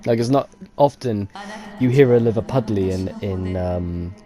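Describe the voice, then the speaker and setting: A man's voice: fairly low pitch, measured pace, a crowd in the background. A man chatting casually while playing a game, rambling, laughing easily and swearing. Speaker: let's-play gamer. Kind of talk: casual commentary chat.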